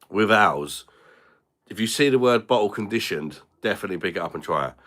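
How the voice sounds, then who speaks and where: Host, low and bright-toned, blunt, swears freely, banters with chat. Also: male voice. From Britain. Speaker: beer reviewer hosting a live stream. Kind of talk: casual live-stream chat.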